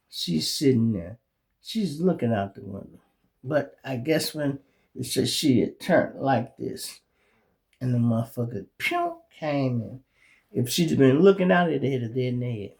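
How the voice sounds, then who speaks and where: Gravelly Chicago man telling street stories. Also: mid-range voice. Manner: animated, streetwise storytelling with profanity. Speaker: show host. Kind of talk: casual storytelling monologue.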